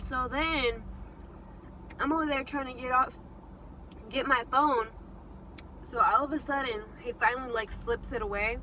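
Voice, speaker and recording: A young woman telling a story casually while eating, chatty and animated with lots of fillers. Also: sits high, measured pace, pauses often, slight background noise, low-quality recording. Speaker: vlogger.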